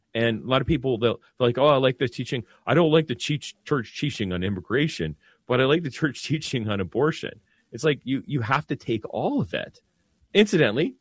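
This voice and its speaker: Animated Catholic priest, lively pitch. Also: male voice, breathy edge, no echo. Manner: earnest, animated, many restarts. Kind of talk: casual religious discussion.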